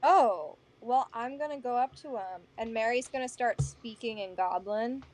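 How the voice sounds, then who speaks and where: A woman's voice: fairly high pitch, normal speed. A woman playing a tabletop game, speaking bluntly and casually. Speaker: player.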